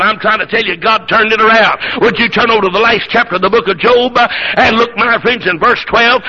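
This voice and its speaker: A preacher man with a high, very bright and husky voice, telling Bible stories in a folksy revival style and building to shouted climaxes. The sound comes through a dull, lo-fi old radio broadcast. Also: fairly quick, few pauses. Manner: folksy storytelling preacher, frequent "uh", shouting peaks. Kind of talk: revival sermon.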